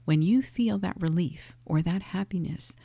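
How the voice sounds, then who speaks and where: Woman coach, low gravelly voice, dry close sound, calm half-whispered teaching. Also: moderate pace, dry recording. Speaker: life coach. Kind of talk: soft-spoken teaching monologue.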